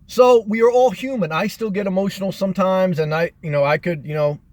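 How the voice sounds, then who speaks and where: A man talks straight to the camera in a motivational vlog, earnest and unhurried. He circles back on his points with fillers and repeats key phrases for weight. His voice sits a little high, and the recording is dry and close with no room sound. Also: a little mellow, dry recording. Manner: earnest, repetitive, measured delivery with many fillers. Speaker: motivational vlogger. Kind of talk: reflective motivational monologue.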